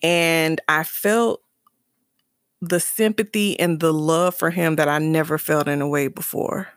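A woman's voice: low-pitched, fairly even intonation, measured pace, clear, resonant tone, dry recording, studio quality. Earnest woman telling a personal story. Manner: earnest and emotional, restarting and repeating phrases. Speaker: mother sharing a personal story.

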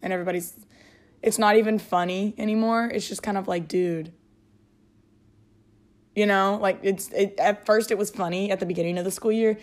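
A woman's voice: medium pitch, fairly even intonation, moderate pace, pauses often. A woman hosting a casual solo podcast, rambling and giggling, with lots of filler words. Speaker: podcast host.

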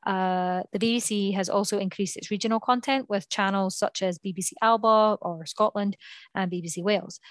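A woman's voice: medium pitch, dry recording. A woman, co-hosting a podcast and reading from notes, often stopping to correct herself and apologise. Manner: reads from notes, with frequent apologies, ums and self-corrections. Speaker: podcast co-host. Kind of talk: reading prepared notes in casual podcast talk.

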